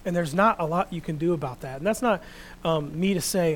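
A middle-aged man preaching a sermon, earnest and animated, dropping to a hush for quoted words. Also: on the high side, moderate pace, slight background noise, low-quality recording.

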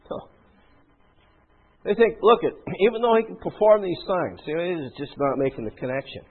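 A man preaching a sermon in a conversational, rhetorical way, often clearing his throat. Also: high voice, sing-song, moderate pace. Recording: tinny phone-like sound.

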